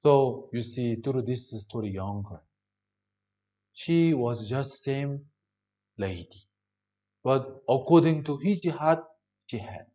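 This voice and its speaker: A male preacher giving a sermon in broken English. He often asks the congregation rhetorical questions and swings between loud emphasis and soft drops. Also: medium pitch, expressive, slow, long pauses.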